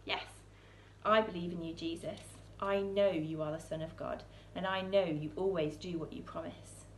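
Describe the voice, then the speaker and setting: A woman's voice: lowish voice, fairly even intonation, moderate pace, echoey room, slight background noise, close to an everyday voice, rough recording. Woman reading as an earnest grieving woman. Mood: pleading. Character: grieving woman pleading with her teacher.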